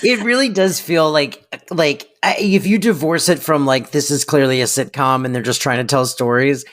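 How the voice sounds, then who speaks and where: Podcast co-host, rambling casual chat, mid-range pitch, frequent laughter. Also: moderate pace, a bit bright. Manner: rambling, lots of fillers, laughs often.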